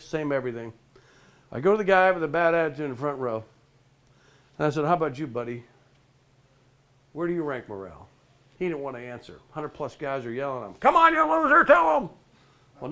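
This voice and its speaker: Animated storytelling male speaker. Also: a little high. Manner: animated, addresses listeners by name with questions. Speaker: professional motivational speaker. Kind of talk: storytelling talk to a live group.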